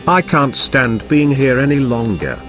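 A woman's voice: lively intonation, unhurried, faint music behind. A woman voicing a damned pastor begging in hell. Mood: desperate. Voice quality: deep strained pleading voice. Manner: desperate, begging and preaching.

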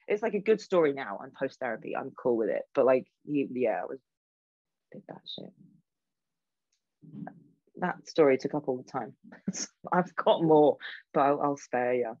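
A woman tells a long story in a loose, chatty way, peppering it with fillers and the odd swear word. Her voice is a little husky, and it comes over a dull, lo-fi video call line. The sound is dry and close, with no room around it. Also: deep voice, dry recording. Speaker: guest speaker. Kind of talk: casual storytelling talk.

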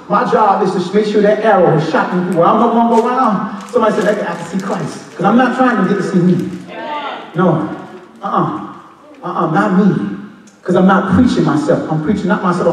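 A high-voiced man preaches with passion, moving between shouts, half-sung lines and loose street talk. He is heard from far off in a church hall with a long, ringing echo. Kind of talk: Pentecostal sermon. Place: church sanctuary.

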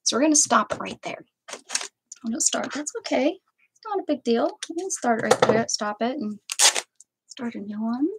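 A woman's voice: on the high side, lively intonation, moderate pace, pauses often, heavy background noise. A woman hosting a crafting livestream, chatting casually to herself and her viewers as she stamps, with playful sing-song asides. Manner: chatty, talks to herself and to live chat, playful made-up sing-song bits.

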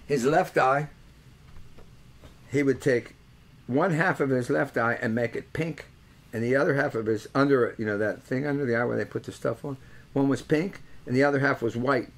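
An older musician hosting a webcast tells rambling, joking, earthy stories between songs in a casual way. His voice is medium-pitched, at a moderate pace.

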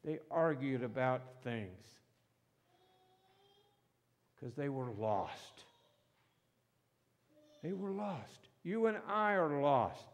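A male pastor preaching a sermon in a church, slow and emphatic, swinging between loud and soft. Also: medium pitch, expressive. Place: church sanctuary. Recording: long reverb of a church hall.

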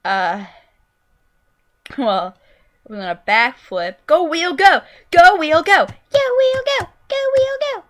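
A young woman commentating her own gameplay, goofy and excitable, yelping and squealing at what happens on screen. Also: high voice, slow. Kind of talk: let's play commentary.

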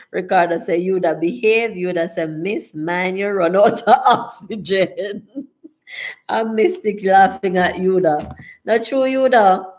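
A woman's voice: mid-range voice, slow pace, a little mellow. A woman with a Jamaican accent hosting a casual live stream, reading viewers' comments aloud in a chatty way and laughing often. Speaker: livestream host.

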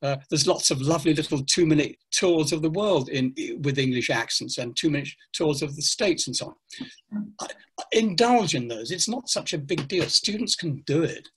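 An older man explains pronunciation teaching with playful energy, acting out what he tells students. His voice sits a little high and has a slightly husky edge, and he speaks over a video call. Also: moderate pace. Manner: playful, animated, acts out classroom lines. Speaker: pronunciation teacher trainer, guest. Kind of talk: casual interview talk.

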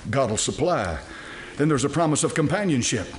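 A man's voice: medium pitch, animated, a little fast. A male pastor, preaching an emphatic, folksy sermon full of rhetorical questions.

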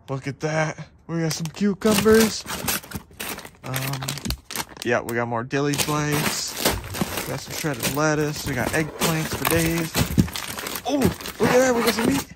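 Excitable man with lively pitch outdoors. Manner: animated, exclaiming often, breaks into laughs; half-whispering at times. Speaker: dumpster diving vlogger. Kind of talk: excited casual narration to camera. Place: outdoors at a store dumpster. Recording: loud background noise and clattering.

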